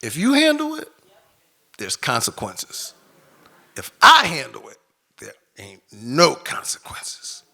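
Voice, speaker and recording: A man voicing a slow stern God. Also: medium pitch, wildly swooping pitch, creaky, pushed and bright, voice pushed down, heavily acted. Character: calm stern male God, speaking inwardly.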